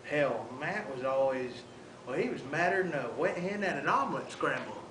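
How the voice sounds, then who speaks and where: A man playing a rough, folksy, rowdy father in a distant, roomy, noisy student video. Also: a little high, expressive, normal speed, close to an everyday voice.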